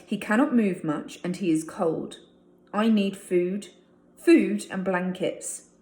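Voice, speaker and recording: A woman reading a storybook aloud, voicing a tired, polite stranded pilot who speaks haltingly. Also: medium pitch, a little mellow. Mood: weary. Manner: halting, slow. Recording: roomy echo.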